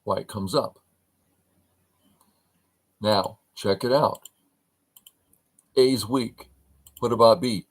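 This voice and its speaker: Slow low-voiced older man teaching. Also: low-quality recording. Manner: talks in short broken phrases, asks and answers his own questions. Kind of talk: livestream game review lesson.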